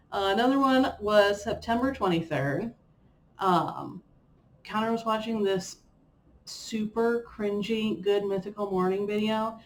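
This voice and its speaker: A woman's voice: mid-range voice, a little hiss or hum. A young woman vlogging in a chatty, rambling way with fillers and playful self-mockery. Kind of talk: casual chat reviewing a personal year.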